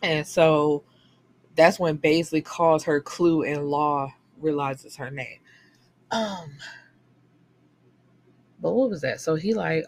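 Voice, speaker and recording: A woman's voice: deep voice, slow pace, slight background noise. A woman hosting a book podcast, casually recapping a story with profanity and acting out characters' lines. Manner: animated storytelling, profane, swings into character quotes.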